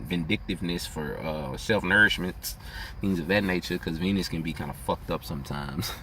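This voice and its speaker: A young adult man in a casual, rambling vlog monologue, cursing freely and getting animated, laughing often. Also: low voice, a little hiss or hum. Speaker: astrology vlogger.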